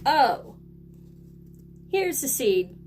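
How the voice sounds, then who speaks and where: Fretful crocodile read by a woman, high, slow and theatrical, picture-book reading. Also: very animated, darkish tone, soft background music, heavily acted. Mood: dramatic worry. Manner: dramatic, drawn-out, worried.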